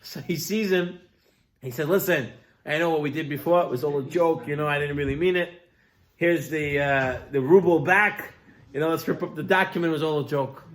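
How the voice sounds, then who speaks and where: A man's voice: fairly high pitch, a little fast, fairly bright tone. A man, a rabbi, telling a Hasidic story in a weekly Torah talk, acting out the characters' voices as he goes.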